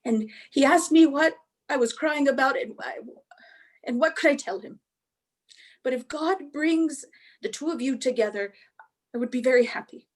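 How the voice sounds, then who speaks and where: Een vrouw speelt een zachte, troostende oudere zus. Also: female voice, high-pitched, normal speed, pauses often, natural voice. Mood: gentle. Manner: soft, soothing, reassuring. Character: older sister, gentle and consoling. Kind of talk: staged play reading.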